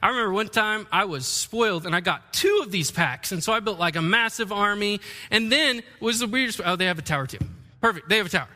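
A man preaching a sermon as the pastor, telling stories with animated delivery and acting out the quotes. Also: high voice, fast talker, big-room sound. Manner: animated storytelling, acts out quotes.

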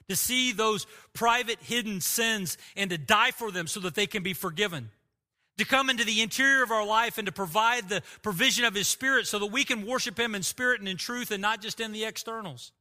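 Bright-voiced man preaching earnestly. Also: high-pitched. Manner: earnest, emphatic preaching with pauses and small restarts. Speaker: pastor. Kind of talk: sermon.

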